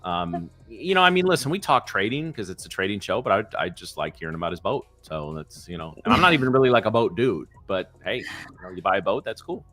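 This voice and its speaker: A man's voice: lowish voice, animated, quick pace, few pauses, bright, forceful tone, soft background music. A man co-hosting a live trading show, chatting casually and joking, rambling with many fillers and restarts. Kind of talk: casual chat.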